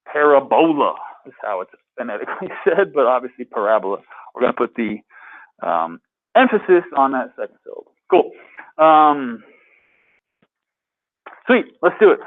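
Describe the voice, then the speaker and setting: A man with a fairly high voice gives an upbeat math lecture to a classroom, constantly quizzing his students. The capture is thin and tinny, like a phone line.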